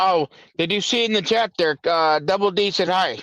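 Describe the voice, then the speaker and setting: An irritated man hosting a live stream, ranting and swearing with a fairly high voice. The sound is dry and dull, like low-grade stream audio. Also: animated, normal speed, fairly bright tone, dry recording. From United States. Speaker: livestream host. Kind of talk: angry political rant and call-in chat.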